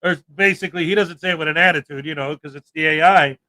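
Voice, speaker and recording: A man's voice: on the high side, fast. A young man hosting a livestream, telling stories in a casual chat and acting out the quotes. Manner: animated storytelling, acts out quotes. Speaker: livestream host.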